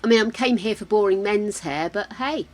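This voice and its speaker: An English woman talking her way through a game stream, chatting with viewers and thinking aloud about what to click next. She laughs easily, and her voice sits at an ordinary middle pitch for a woman. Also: normal speed. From England. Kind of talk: casual chat while playing.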